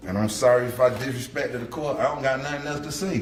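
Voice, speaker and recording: A victim's father delivers an impact statement in court, speaking bluntly, emotionally and colloquially. He talks fast at a medium pitch, far from the mic, in a roomy courtroom with faint hiss.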